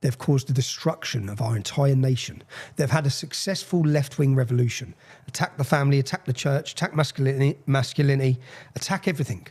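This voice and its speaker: A man's voice: medium pitch, fast talker, darkish tone. A man with an English accent giving a TV interview, speaking in a defiant, emphatic way and repeating phrases for weight.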